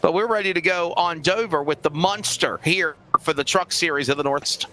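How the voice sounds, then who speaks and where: A man doing play-by-play commentary for a sim racing broadcast, upbeat with scripted announcer patter and quick asides. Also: on the high side, pushed and bright.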